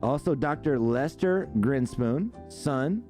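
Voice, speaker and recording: A man's voice: mid-range voice, animated, takes it slowly, mellow, faint music behind. A man hosting a live stream, chatting loosely and profanely while he reads out viewer comments. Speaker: show host.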